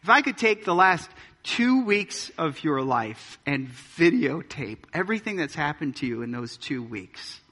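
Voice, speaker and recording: A man's voice: fairly high pitch, sharp tone, in a large hall. A man preaching a sermon as pastor, emphatic and full of pointed rhetorical questions. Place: church sanctuary.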